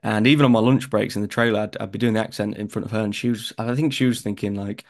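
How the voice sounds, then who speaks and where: A young man from northern England with a Northern English accent, an actor chatting in an interview and telling stories in a lively way. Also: on the low side, fast. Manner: chatty, animated storytelling. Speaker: actor guest. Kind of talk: casual interview chat.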